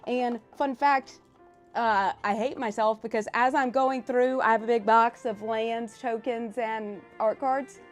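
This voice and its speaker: Rambling excitedly on a livestream, a South Louisiana woman with a Louisiana accent and a fairly high voice drops curses quickly and keeps things casual. There's soft background music.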